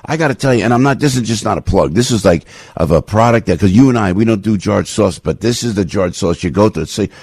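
A man in his sixties with a New Jersey accent, hosting a radio talk show with an animated, jokey pitchman's manner. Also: fast talker, few pauses, slightly rough, no echo. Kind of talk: casual radio chat and live ad read. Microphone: studio broadcast mic.

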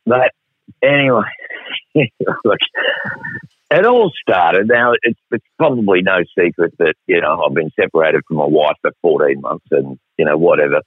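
A middle-aged Australian man spins a rambling, wry yarn full of swearing, his voice sitting on the low side. He comes through a thin, phone-like line with a dry, close sound. The delivery is loose and conversational, like a radio guest on air. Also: expressive, moderate pace, breathy edge, no echo. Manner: rambling, profane, wry storyteller. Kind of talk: casual storytelling on air.

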